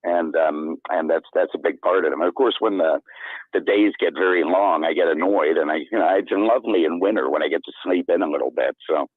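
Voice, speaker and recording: A deep, husky man rambles in casual chat, stumbling and restarting in a self-deprecating way. His voice comes through a tinny, dry, phone-like line. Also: brisk, no echo. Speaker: guest.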